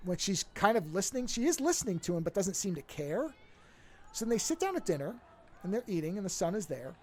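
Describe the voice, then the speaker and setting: A male podcast co-host talks fast and very animatedly, his voice sitting high, with a little hiss or hum on the recording. He retells a film plot in a casual, meandering way, amending details mid-story.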